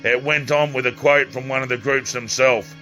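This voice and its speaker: A man narrating his own audiobook in a halting, unpolished way, sometimes repeating or correcting himself. His voice is bright and forward, with faint music playing under it. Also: mid-range voice, steady tone. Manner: halting reading with restarts and slips. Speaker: author reading his own novel.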